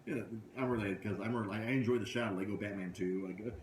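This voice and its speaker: A man with a fairly low voice talks very fast, his words echoing with a little noise behind them. He's hosting a podcast live from a comic book shop, chatting casually and acting out funny scenes in silly voices like an animated storyteller.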